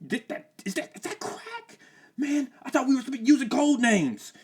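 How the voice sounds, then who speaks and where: A man putting on a panicky young man's voice, high and frantic, yelping as he reads a scene. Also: sing-song, fairly quick, darkish tone, slightly rough, full character voice.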